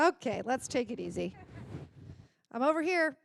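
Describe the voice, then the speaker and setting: A woman's voice: sits high, big pitch swings, normal speed, gravelly. A woman hosting a live comedy show, introducing acts with upbeat, playful patter.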